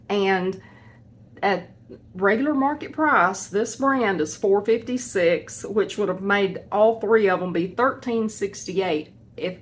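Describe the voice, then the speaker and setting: Woman, homestead vlogger, casual rambling haul chat, mid-pitched voice, faint hiss behind. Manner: chatty, rambling, self-correcting about prices. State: hiccups.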